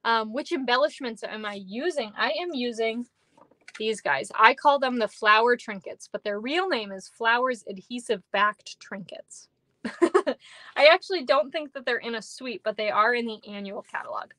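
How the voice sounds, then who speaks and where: A young Minnesota woman demonstrates card-making on a live stream from an air-conditioned basement, chatty and upbeat though a bit tired, reading viewer comments aloud. Her voice is on the high side and bright with a forceful tone, at a moderate pace, with no echo.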